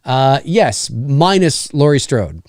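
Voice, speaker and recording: A man chats casually as host of a live stream, reading out viewer messages. His pitch swings widely and he stumbles into restarts and fillers. The sound is close and dry, with no room in it. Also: big pitch swings, darkish tone, no room sound. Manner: rambling, halting, with many restarts and fillers.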